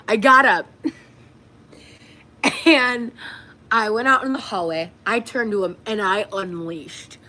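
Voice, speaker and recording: A woman vlogger telling a story casually, animated, swearing and acting out what people said. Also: mid-range voice, normal speed, rough recording. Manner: animated, swearing, acts out quotes.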